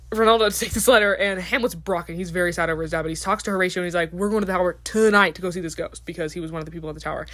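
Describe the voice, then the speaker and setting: A teenage girl giving a quick, slangy, casual retelling of a play for a school assignment, slipping briefly into the characters' voices. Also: medium pitch, fairly bright tone. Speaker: student.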